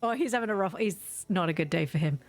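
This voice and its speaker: A woman's voice: lowish voice, animated, fast. Giggly woman streaming a game. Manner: chatty, giggly, playfully dramatic. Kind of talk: live gameplay commentary.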